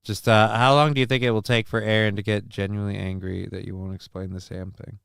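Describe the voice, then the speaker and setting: A man's voice: on the low side, flat delivery, fast, creaky, a bit bright, clean tone, dry recording, clean studio sound. A man hosting a casual livestream, reading the chat aloud, joking, loose and profane, with lots of ums and uhs. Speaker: livestream show host.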